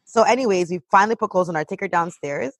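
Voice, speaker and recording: A woman with a husky, slightly breathy voice tells animated stories in casual chat, leaning on "like" at every turn. The sound is dry and close, with no room around her. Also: on the low side, quick pace, no room sound. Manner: animated storytelling, heavy use of "like". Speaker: mother of a toddler.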